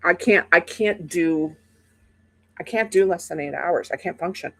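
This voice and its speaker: A woman's voice: fairly low pitch, a little slow, fairly bright tone. A woman hosting a casual livestream, chatting to viewers in a rambling way with many fillers, sleepy and yawning. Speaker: livestream host.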